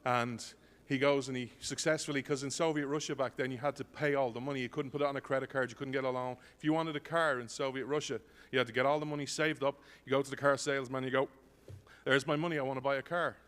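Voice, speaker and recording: A man's voice: medium pitch, fairly even intonation, fast talker, hardly any pauses, a bit bright. Male emcee, chatty joke-teller, stage mic, long hall echo. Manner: jokey, apologetic, chatty. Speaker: emcee filling time before a speaker. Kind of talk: joke-telling stage banter. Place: large conference hall. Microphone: stage microphone.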